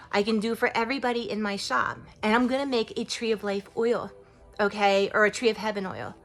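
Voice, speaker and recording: Enthusiastic, rambling woman shop owner. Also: on the high side. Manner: enthusiastic, rambling, full of fillers. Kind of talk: casual vlog.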